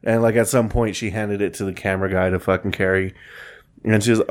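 A man's voice: lowish voice, steady tone, brisk. A man telling a rambling, profanity-laced story in casual podcast chat.

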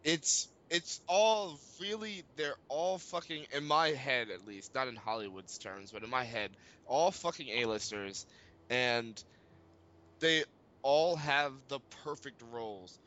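Bright-voiced swearing podcast man. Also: mid-range voice, measured pace, lo-fi sound. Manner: animated, swears freely, searches for words. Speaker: podcast co-host. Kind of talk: casual film discussion.

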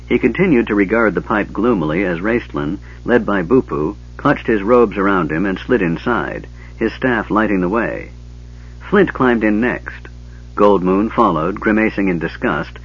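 Low, husky male audiobook narrator. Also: dull audio. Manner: steady storytelling with character voices.

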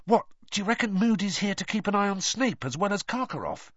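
A man with a husky voice voicing an eager teenage schoolboy who whispers with excitement, on a dull lo-fi recording. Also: sits high, a little fast, no echo, pitched above the performer's own voice. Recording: dull lo-fi audio.

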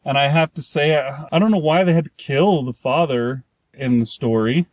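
A man's voice: a little high, moderate pace, dry recording. A man with a slightly raised voice talks casually about a movie he watched. He rambles, breaks off and restarts, and slips into voices to act out lines. The sound is dry and close. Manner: rambling, trails off and restarts, acts out characters' lines. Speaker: podcast co-host. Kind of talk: casual movie review chat.

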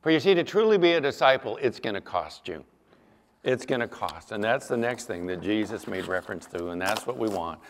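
A man's voice: mid-range voice, big-room sound. A male pastor preaching a sermon with emphatic, dramatic storytelling.

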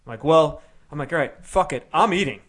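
A man's voice: a little high, a little fast, husky. A man telling a long story in casual podcast chat, acting out what he and others said. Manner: animated storyteller acting out his own quotes. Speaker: storyteller guest.

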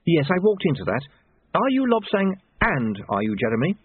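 A man voicing a sharp, unflappable young woman in an audiobook, dry and blunt. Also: fairly high pitch, very animated, normal speed, breathy edge, no room sound, phone-quality sound, pitched above the performer's own voice.

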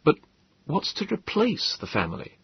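A man voicing an earnest, persuasive middle-aged male government official in an audiobook, lecturing in a husky voice. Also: fairly high pitch, wildly swooping pitch, moderate pace, slight background noise, voice pushed up. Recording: dull lo-fi dry audiobook.

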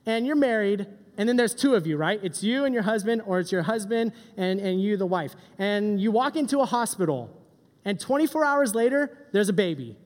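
A middle-aged man giving a joking, animated youth sermon as a pastor. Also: sits high, a little fast. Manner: joking, animated, does silly voices. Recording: long hall reverb.

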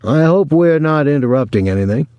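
A man's voice: a little high, lively intonation, fairly quick, mellow, no echo, dull audio, voice pushed up, close to an everyday voice. A man voicing a sober middle-aged clerk with a ceremonious, churchly manner.

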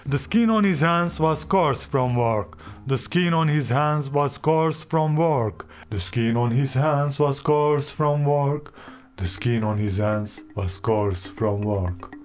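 A fairly high-pitched man, a native Turkish speaker, teaches English by repeating example sentences several times before translating and explaining them.

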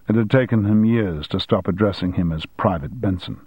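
Low-voiced man narrating a thriller. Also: brisk, hardly any pauses, breathy edge, no room sound, lo-fi sound. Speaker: audiobook narrator. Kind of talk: scripted narration.

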